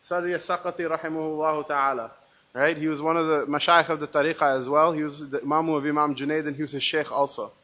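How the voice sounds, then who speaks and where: A man from the United States teaching a religious lecture class, talking quickly with many restarts and rhetorical "right?" checks. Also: on the high side, fairly even intonation, pushed and bright, dull audio.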